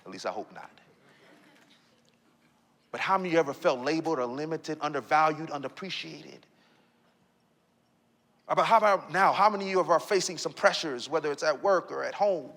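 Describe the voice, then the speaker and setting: A man giving a motivational keynote, telling a personal story that swings between loud excitement and hushed reflection. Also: fairly high pitch, fairly quick, pauses often. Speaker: keynote speaker. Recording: reverberant hall recording.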